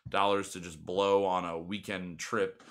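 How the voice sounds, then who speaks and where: A young man in his twenties hosts a casual podcast chat. His voice sits a little low but comes across bright and forward. He rambles and circles back with plenty of fillers. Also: little pitch movement, a little slow. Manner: rambling, many fillers and restarts. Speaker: podcast host.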